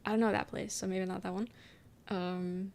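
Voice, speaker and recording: A woman's voice: mid-range voice, flat delivery, normal speed, creaky, a little mellow, slight background noise. A young adult woman streaming and chatting casually with her viewers, reading their messages aloud and rambling with lots of "um" and "like" and casual swearing. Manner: rambling, filler-heavy, swears casually, frequent "um".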